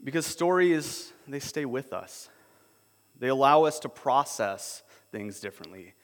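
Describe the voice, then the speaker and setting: A man preaching a sermon as a pastor, in a relaxed, conversational way, often repeating words as he restarts. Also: medium pitch, unhurried. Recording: long hall reverb.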